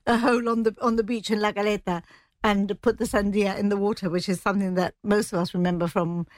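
A woman, a news editor talking through the week's stories in a brisk, chatty way, dropping in Spanish phrases. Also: mid-range voice, fairly even intonation, no room sound. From Gibraltar. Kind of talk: radio news chat.

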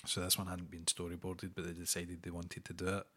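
A man co-hosting a casual film podcast, explaining facts in a relaxed way. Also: low voice, brisk. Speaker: podcast co-host. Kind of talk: casual chat about films.

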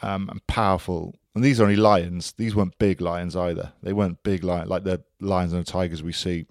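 Deep-voiced man in laid-back banter. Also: fairly even intonation, brisk, vocal fry, darkish tone, dry recording, clean studio sound. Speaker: podcast co-host. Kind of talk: casual chat.

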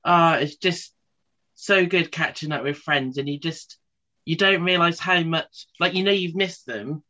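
A woman in casual chat, an animated storyteller who swears freely and laughs often. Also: sits low, measured pace, highs cut off.

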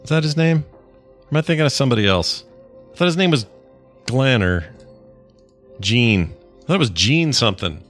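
A man's voice: medium pitch, expressive, moderate pace, long pauses, fairly bright tone, soft background music. A middle-aged man hosting a podcast with his daughter, chatting casually and rambling, often correcting himself mid-sentence. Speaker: podcast host, father. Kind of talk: casual chat.

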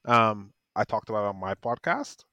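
A man's voice: on the low side, normal speed, no echo. Brief: male podcast co-host, casual and emphatic, laughs easily, dry close mic. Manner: animated, emphatic, laughs often. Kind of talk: casual football chat.

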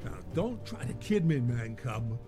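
A man's voice: mid-range voice, very animated, a little slow. A man voicing a showy male ape king who croons and scats through a swing number in a musical film. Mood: coaxing, swinging. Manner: jazzy crooning with scat syllables. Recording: film soundtrack with band music.

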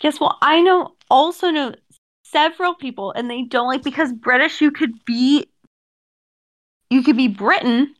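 A woman's voice: high-pitched, normal speed. A woman co-hosting a podcast, asking quizzical questions and arguing her point in casual chat. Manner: quizzical, argumentative. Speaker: podcast co-host.

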